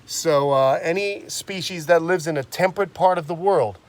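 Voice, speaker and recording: A man's voice: fairly high pitch, normal speed. A man hosting a casual live stream outdoors, chatty and enthusiastic, talking straight to his viewers. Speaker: reptile channel host. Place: outdoors by a pond.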